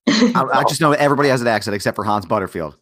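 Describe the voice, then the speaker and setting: A man in a tabletop game, teasing the others in quick banter. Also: medium pitch, animated, a bit bright, slight background noise. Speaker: tabletop player.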